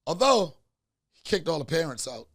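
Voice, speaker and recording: A man hosting a comedy podcast, joking loudly and repeating lines for laughs. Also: fairly high pitch, big pitch swings, moderate pace, vocal fry, dry recording, clean studio sound. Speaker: podcast host. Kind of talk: casual comedic chat.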